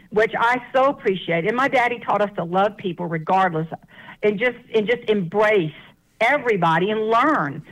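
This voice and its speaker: A woman's voice: medium pitch, low-quality recording. Chatty Southern woman, laughs a lot. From American South. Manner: folksy, laughs often, chatty. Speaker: guest author. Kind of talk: casual interview storytelling.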